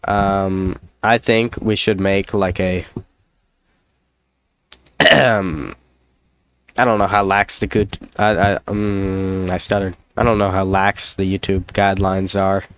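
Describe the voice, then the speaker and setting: A man's voice: deep voice, flat delivery, slow pace, fairly bright tone, smooth. A young man chatting in a rambling, self-deprecating vlog, drifting off into jokey asides. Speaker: YouTuber. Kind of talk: rambling solo vlog chat.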